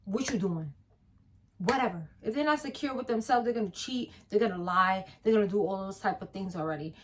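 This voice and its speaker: A young woman tells a personal story in a casual, blunt, profane and animated way. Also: mid-range voice, brisk, slight background noise. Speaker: vlogger.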